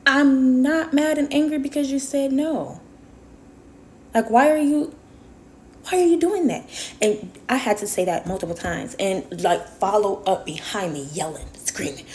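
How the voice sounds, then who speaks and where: A woman's voice: high voice, expressive, moderate pace, a little mellow. Emphatic woman telling a personal story. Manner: emphatic, repeats herself for stress; earnest, lecturing advice to viewers. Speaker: vlogger. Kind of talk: casual storytime monologue.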